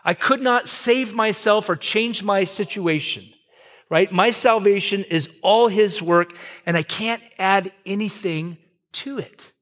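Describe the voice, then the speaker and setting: High-voiced pastor in his fifties. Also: slow pace. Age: 50s. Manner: conversational, joking asides, swings loud and soft. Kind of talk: sermon.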